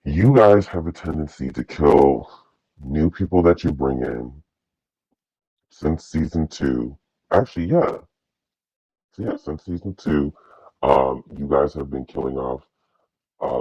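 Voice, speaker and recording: A man's voice: a bass voice, a little slow, long pauses, dark tone, husky, no echo. A man co-hosting a TV review in casual chat, sassy and rambling, with lots of fillers. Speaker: co-host of a TV review show. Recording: dull, dry lo-fi mic.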